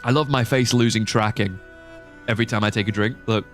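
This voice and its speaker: With a fairly low, slightly bright voice and a steady tone, a young man talks fairly quickly while playing a game on stream. His casual chat rambles along with fillers as he thinks aloud, over soft background music.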